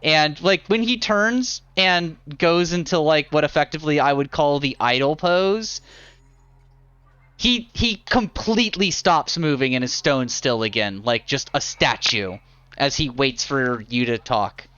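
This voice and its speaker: A man narrating a live tabletop game as dungeon master, describing scenes slowly with many fillers. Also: on the high side, bright, forceful tone, clean tone, no echo, dull audio.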